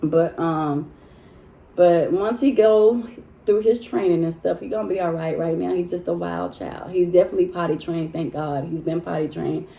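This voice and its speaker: A woman vlogging in casual chat from her home, talking to her viewers in an animated, chatty way and laughing often. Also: fairly low pitch, normal speed, vocal fry. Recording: roomy echo in a home room.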